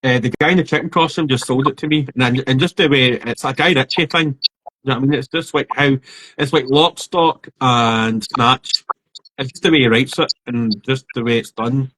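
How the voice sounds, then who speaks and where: A man's voice: mid-range voice, normal speed, no room sound, rough recording. Rambling man on a podcast. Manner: rambling, animated storyteller. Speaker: podcast co-host. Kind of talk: casual chat.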